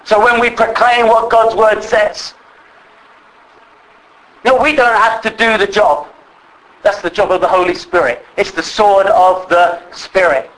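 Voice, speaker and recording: A man preaching a sermon, earnestly slowing down to stress the scripture he reads. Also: high voice, steady tone, fairly bright tone, low-quality recording.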